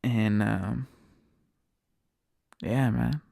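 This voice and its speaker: Gravelly, foul-mouthed man ranting. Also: lowish voice, very slow, no room sound, studio quality. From United States. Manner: swears constantly, repeats himself, animated venting. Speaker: podcast host. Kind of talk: casual profane monologue rant.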